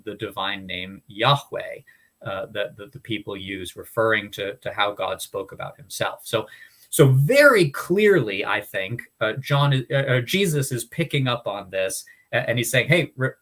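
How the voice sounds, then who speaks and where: A man's voice: lowish voice, lively intonation, a little slow, a bit bright. A man hosting a Bible study talk, explaining in an earnest, casual way with frequent restarts and fillers. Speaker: Bible study podcast host. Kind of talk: casual teaching chat.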